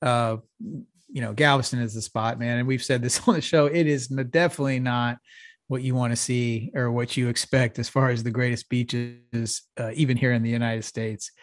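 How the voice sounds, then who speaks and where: A man's voice: mid-range voice, steady tone, normal speed, dry recording. A middle-aged man from Texas, a podcast co-host telling a rambling, profane story in a casual chat. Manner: profane, laid-back storytelling with frequent laughs.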